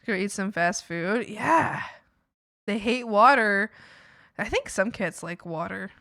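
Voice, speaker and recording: Bright-voiced woman streamer chatting. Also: medium pitch, takes it slowly. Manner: rambling, animated, lots of fillers and laughs. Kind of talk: casual chat with viewers.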